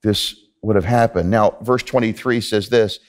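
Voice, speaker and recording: A man's voice: lowish voice, steady tone, moderate pace. A man preaching a sermon in a church, talking earnestly and conversationally to the congregation, often repeating himself. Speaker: pastor. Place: church sanctuary.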